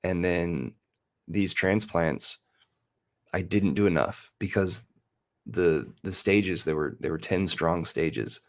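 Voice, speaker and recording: A low, gravelly-voiced man hosts a loose live chat. He talks slowly, circling back and interrupting himself as he rambles. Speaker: podcast host.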